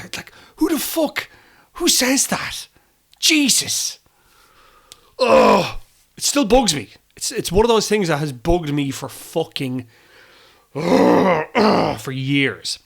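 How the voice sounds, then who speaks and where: A man's voice: mid-range voice, fairly bright tone. A man with an Irish accent hosting a film podcast, rambling and self-deprecating, swearing freely and using many fillers. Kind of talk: casual film review chat.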